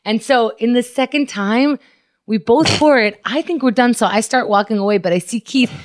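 A woman co-hosting a comedy podcast, telling stories with animated energy and frequent laughter in casual banter. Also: fairly high pitch, normal speed. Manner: animated, giggly storytelling. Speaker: podcast co-host.

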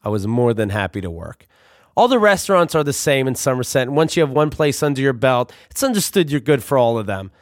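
A young man telling comic stories about his youth in a wry, deadpan manner. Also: medium pitch, fairly quick, no room sound, clean studio sound. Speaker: storyteller. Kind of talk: comic storytelling.

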